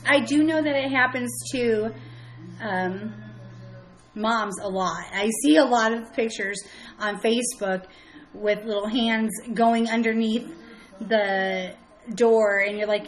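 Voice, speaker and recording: A woman with a slightly high voice talks casually on a live stream from her home, where her small children are nearby. She rambles and halts, restarts her sentences often, and breaks off to greet viewers in the chat by name. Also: soft background music, rough recording. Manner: rambling, halting, with many restarts and fillers.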